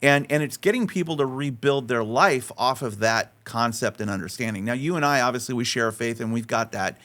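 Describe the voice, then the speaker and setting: Podcast guy telling a story, animated, keeps restarting and repeating words, voice shoots up high when he quotes people. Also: brisk. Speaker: faith-based life coach and podcast guest.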